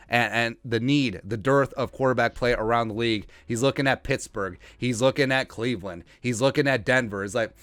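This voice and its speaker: A man hosting a sports podcast, riffing in a joking, rambling way and putting on quick mock voices for the people he talks about. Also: lowish voice, fairly even intonation, fairly bright tone, clean tone, dry recording. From Asian heritage, Minnesota fan. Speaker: podcast host. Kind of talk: comedic sports commentary.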